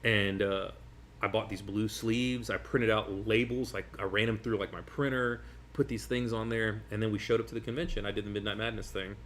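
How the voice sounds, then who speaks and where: A man, a magician guest, telling stories in casual chat over food, rambling and animated with many restarts. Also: fairly low pitch, a little fast, a little hiss or hum. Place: sitting at a table over food.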